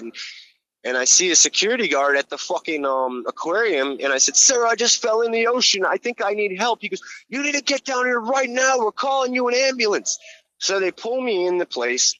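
A man who grew up in Hawaii, telling a long story in a casual, profane, rambling way and getting loud when he reenacts scenes. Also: mid-range voice. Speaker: guest telling his story. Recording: slightly dull, lo-fi sound.

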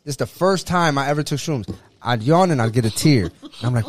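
A man's voice: mid-range voice, fairly quick, slight background noise. A man co-hosting a podcast, telling profane anecdotes in casual group chat. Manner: animated storyteller, profane. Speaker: podcast co-host.

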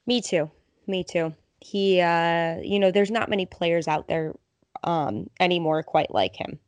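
A woman's voice: on the low side, unhurried, a little mellow, no room sound. A woman co-hosting a sports podcast, talking in an earnest, upbeat way as a fan. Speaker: podcast co-host. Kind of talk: casual sports podcast chat.

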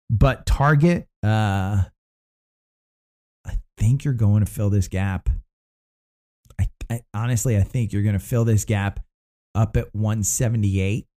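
Casting: American male market-show host, mellow tone, loose off-the-cuff delivery full of "uh"s and restarts. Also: fairly low pitch. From United States. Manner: rambling, frequent fillers and restarts. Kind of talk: casual market commentary.

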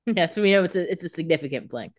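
A woman's voice: lowish voice, animated, rapid-fire. A woman co-hosting a casual TV recap, chiming in with playful paraphrases of the characters. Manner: chimes in with playful paraphrases and laughs. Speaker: podcast co-host.

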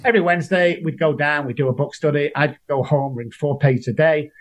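Speaking at a somewhat fast pace in a higher-pitched voice, a man shares his personal story as an interview guest. His telling is heartfelt and emotional, and he performs the voices of those he quotes.

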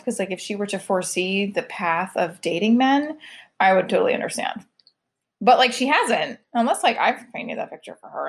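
A woman hosting her own podcast and livestream, chatting casually and confessionally, rambling with lots of "like" as she talks. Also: a little high. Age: adult mother of a school-age child. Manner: rambling and chatty, heavy use of "like".

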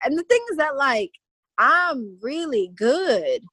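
Animated, goofy woman talking casually. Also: high voice, takes it slowly, no echo. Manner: emphatic and goofy, breaks into laughter. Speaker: podcast guest. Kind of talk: casual conversation.

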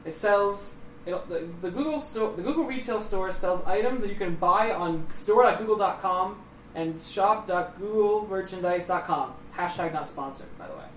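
A young man co-hosting a casual podcast, speaking in a rambling, halting way. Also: sits high, fairly bright tone, slight background noise. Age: young adult. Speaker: podcast co-host. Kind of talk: casual chat. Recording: roomy echo, distant mic.

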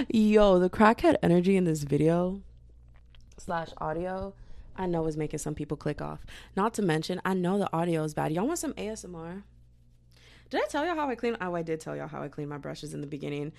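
Young female makeup vlogger, low fry-heavy voice, chatty and silly, poor home recording. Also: expressive, brisk, a little mellow. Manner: goofy, rambling, self-mocking, talks to viewers as "y'all" and "girl". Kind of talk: casual chatty makeup tutorial. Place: bedroom. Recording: poor quality audio.

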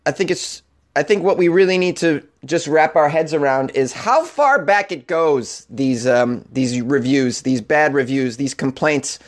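A man's voice: a little high, a little slow. A man hosting a comedy news podcast, reading odd stories aloud and riffing on them with jokes and frequent laughter. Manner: jokey, laughs often, reads news then riffs on it.

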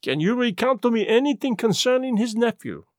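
A man reading an audiobook voices a fussy, precise Belgian detective, asking measured questions. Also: very high voice, very animated, dry recording, studio quality, voice pushed up. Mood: probing. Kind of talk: audiobook character voice.

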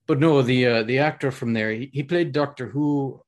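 A man's voice: medium pitch, normal speed. A man co-hosting a podcast in casual, rambling chat, laughing often and drifting off topic. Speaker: podcast co-host.

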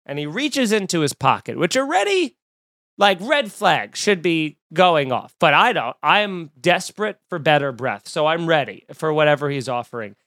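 Man spinning a casual funny anecdote, exasperated and animated, dry close recording. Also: a little high, moderate pace, no echo. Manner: animated, exasperated, lots of fillers and restarts. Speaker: storyteller. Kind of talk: casual comedic storytelling.

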